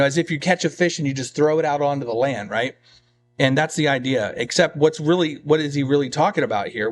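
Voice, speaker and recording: A man's voice: mid-range voice, a little hiss or hum. A man, a pastor, teaching a verse-by-verse sermon in a conversational way, reading scripture and then explaining it with asides and rhetorical questions. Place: church.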